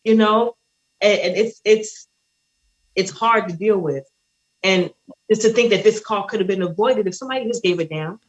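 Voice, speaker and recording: A woman caller sharing a painful personal story, halting and shaky, with many restarts. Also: medium pitch, highs cut off.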